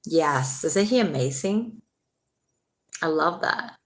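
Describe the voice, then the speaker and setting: A woman's voice: deep voice, lively intonation, takes it slowly. A woman hosting a casual late-night livestream, chatting with viewers, answering their comments and swearing freely.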